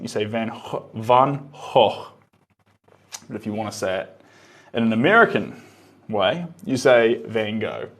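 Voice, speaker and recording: Easygoing New man painting live. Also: fairly low pitch. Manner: relaxed, musing, murmurs to himself while painting. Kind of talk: live painting stream with chat replies.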